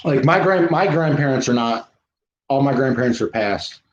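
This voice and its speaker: A man's voice: mid-range voice, animated, moderate pace. A man hosting a livestream in a casual, ranting style, hammering his points with emphatic repetition. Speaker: livestream host. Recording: roomy, dull lo-fi livestream audio.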